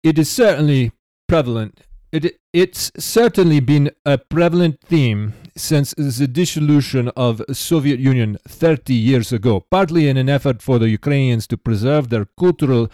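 An earnest Russian man lays out history in measured, formal sentences, as a podcast host puts on a thick accent that slides toward Dracula. The tone stays mellow and warm. The sound is dry and close. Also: medium pitch, no room sound, close to an everyday voice. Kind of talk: podcast read-aloud in a put-on voice.

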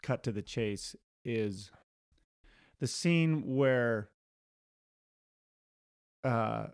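A man in a casual film chat, eagerly retelling a plot and jumping into quick acted quotes. His voice sits at a middle pitch, recorded close and dry with no room sound. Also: vocal fry, clean tone, dry recording. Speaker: podcast co-host.

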